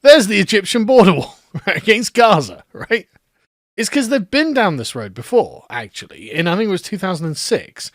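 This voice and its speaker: Male commentator, high voice, dry close sound, sarcastic mocking delivery. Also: dry recording. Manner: sarcastic, laughing, mimics others in voices. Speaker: commentary host.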